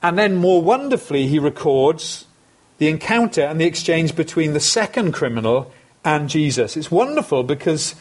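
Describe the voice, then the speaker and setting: A man's voice: fairly high pitch, husky. A man preaching a sermon, earnest and emphatic, repeating phrases for stress.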